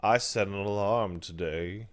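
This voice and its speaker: A man's voice: fairly low pitch, measured pace. A young man hosting a casual podcast, tired and sleep-deprived, talking in a crude, joking, rambling way. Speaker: podcast host. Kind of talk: casual banter.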